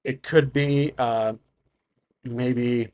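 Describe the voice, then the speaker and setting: Brief: male solo-RPG narrator, mid-pitched, improvising and musing over rules. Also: steady tone, extremely slow, darkish tone. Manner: improvising, thinking aloud about rules. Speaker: solo game player and narrator. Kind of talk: narrating a solo tabletop game.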